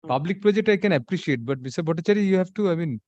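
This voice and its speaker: A man's voice: high-pitched, expressive, racing, a little mellow, no echo. A man with an Indian English accent presiding as a judge in a courtroom, firm and interrupting with small stumbles. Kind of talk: courtroom hearing. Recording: dull livestream audio.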